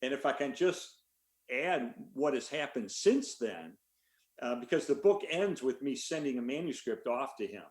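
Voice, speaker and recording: A man's voice: mid-range voice, normal speed. Older guy telling a long story over a video call, lots of ums, roomy echo. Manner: relaxed, rambling with many fillers. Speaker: author answering questions. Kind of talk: conversational storytelling.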